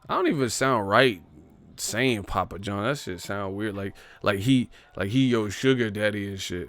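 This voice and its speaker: A man hosting a livestream, reading super chats and ranting in a casual comedic way, profane and animated, laughing often. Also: on the low side, vocal fry.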